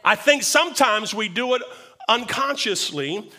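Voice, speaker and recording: Man, pastor mid-sermon; high, bright voice, deliberate unhurried pace, stresses by repeating. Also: expressive. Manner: earnest preaching, repeats words for emphasis.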